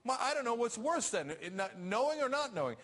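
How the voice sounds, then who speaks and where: A male political talk host with a high, very expressive voice. He fires off pointed questions and argues back at his guests in a combative way. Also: a little fast, slight background noise. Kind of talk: political panel discussion.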